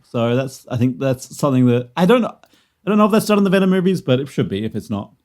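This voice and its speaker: A man's voice: mid-range voice, very animated, fast talker, a little mellow. A man co-hosting a casual podcast, presenting lore in a rambling, joking way that stumbles over words.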